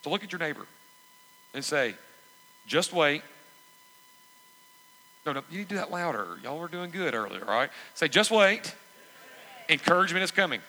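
A man preaching from the pulpit in a church sanctuary, his bright voice sitting a touch high. He hammers each point with repeated phrases and climbs to loud calls to the congregation. The sound rings with the long reverb of a big hall. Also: animated, moderate pace, pauses often. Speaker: pastor. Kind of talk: sermon.

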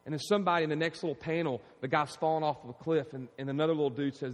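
A male pastor preaching a sermon, animated and emphatic, calling out to his congregation. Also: a little high, very fast. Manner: animated, preaching with rising emphasis and audience call-outs. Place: church sanctuary. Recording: long reverb in a large hall.

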